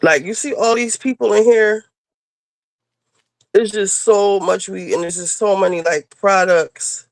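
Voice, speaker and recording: On a clip-on microphone and without echo, a podcast co-host casually rambles through a story, swearing and using lots of fillers. She has a steady, mid-range voice and an unhurried delivery, and she moves about indoors before stepping out.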